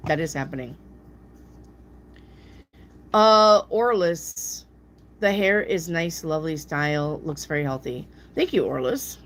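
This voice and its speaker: Blunt, profane woman reading tarot. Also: slight background noise. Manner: blunt and profane, mimics people in a high voice. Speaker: tarot reader answering viewer questions. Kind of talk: casual live tarot reading.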